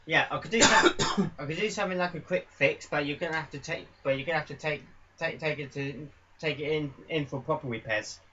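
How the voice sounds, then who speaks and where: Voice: medium pitch, a little fast, pushed and bright, highs cut off, slight background noise, lightly acted. A player voicing a handy stallion pony mechanic in a pony tabletop game, casual and folksy, often stammering and repeating words.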